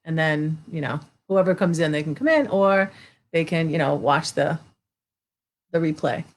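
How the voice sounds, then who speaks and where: A woman's voice: sits low, normal speed. Chatty woman hosting a story hour. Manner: chatty, greets viewers by name, reads expressively. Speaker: storyteller hosting a live reading. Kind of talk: casual live-stream chat and read-aloud.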